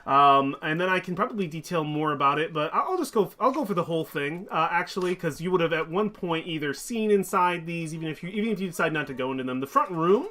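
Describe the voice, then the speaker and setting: A man's voice: a little high, lively intonation, fast talker, hardly any pauses, sharp tone. A man running a tabletop game as dungeon master, chatty and upbeat, with many ums and restarts.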